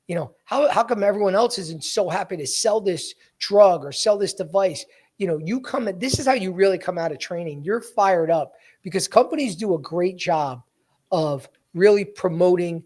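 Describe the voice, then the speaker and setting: A man hosting a live podcast as a sales coach, talking energetically and directly to his listeners, often repeating or correcting himself mid-sentence. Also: high voice. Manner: energetic, direct, keeps addressing listeners as guys. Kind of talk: live podcast, motivational talk.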